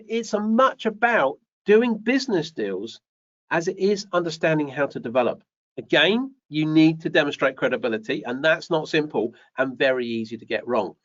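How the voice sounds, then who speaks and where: A man's voice: on the high side, muffled recording. A man hosting a live show, giving business advice with lots of rhetorical questions and repetition. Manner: animated, rhetorical questions, repeats phrases. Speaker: host.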